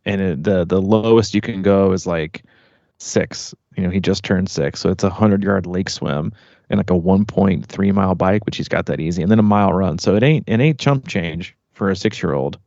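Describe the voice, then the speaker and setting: Rambling low-voiced man telling a story. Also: normal speed, darkish tone, no echo. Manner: rambling, full of "like" and "you know", self-restarting. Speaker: triathlon podcast host. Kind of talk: casual storytelling chat. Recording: slightly muffled, dry sound.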